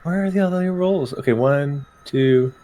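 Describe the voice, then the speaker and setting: A man's voice: fairly high pitch, normal speed, mellow. A man running a tabletop game as game master, casual and hesitant, with many ums and easy laughs.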